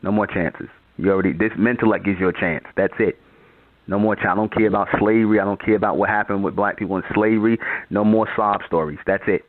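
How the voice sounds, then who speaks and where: A man's voice: lowish voice, fairly even intonation, quick pace, dry recording. Blunt, lecturing man on a tinny line. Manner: blunt, repetitive, profane, lecturing. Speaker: channel host taking calls. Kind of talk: call-in show talk. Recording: tinny phone-like sound.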